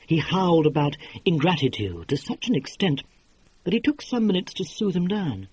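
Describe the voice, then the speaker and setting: Guy narrating a mystery audiobook, husky voice, dry close mic, pitch moves around a lot. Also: normal speed, no room sound. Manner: expressive, acted. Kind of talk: scripted narration.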